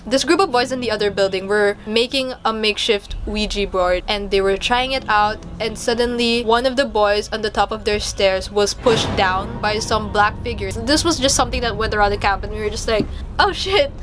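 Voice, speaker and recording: A woman's voice: fairly even intonation, fairly quick, few pauses, a bit bright, faint music behind. A young woman from the Philippines tells a story in a casual, chatty way, full of fillers like "like.". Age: young adult. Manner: chatty, filler-heavy, acts out quotes in a higher voice. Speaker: storytime vlogger.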